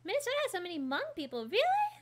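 Very high, lively woman streamer. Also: moderate pace. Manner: excitable, bursts into laughing shouts. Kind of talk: casual gameplay chat.

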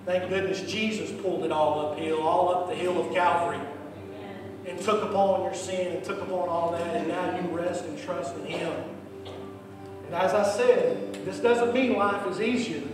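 A male pastor preaching an altar call, swinging from impassioned near-shouts down to soft, hushed prayer. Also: high-pitched, steady tone, moderate pace, over music. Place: church sanctuary. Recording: echoey church hall from far off, noisy.

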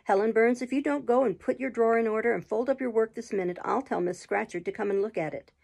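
A woman voicing a big, rough, bossy schoolgirl monitor in an audiobook reading, scolding and threatening. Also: a little high, fast, a little mellow.

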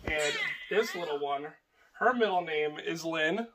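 A man's voice: fairly high pitch, animated, measured pace, heavy background noise. A young man talking casually to camera in a homestead vlog, rambling with fillers and restarts. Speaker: homestead vlogger.

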